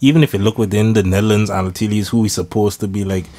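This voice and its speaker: A man's voice: on the low side, steady tone, fast talker, dark tone. A man co-hosting a casual podcast chat, laughing often and filling talk with "like". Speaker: podcast co-host.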